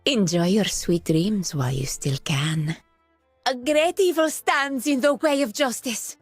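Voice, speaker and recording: A woman's voice: fairly high pitch, measured pace, slightly rough, dry recording, faint music behind. An actress voicing a playful, menacing young female mercenary who teases with sing-song threats in a game voice line.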